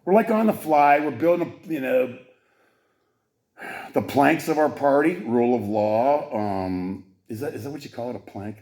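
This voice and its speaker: A man hosting a political podcast who swings from shouted profane rants to low, rambling mumbles. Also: lively intonation, normal speed. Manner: rambling, with many fillers and restarts. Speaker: podcast host.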